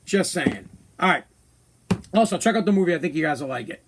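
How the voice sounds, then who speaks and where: A man's voice: on the high side, animated, a little fast, noisy background. A man hosting a podcast, giving a blunt, profane opinion rant. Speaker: podcast host. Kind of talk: casual opinion monologue.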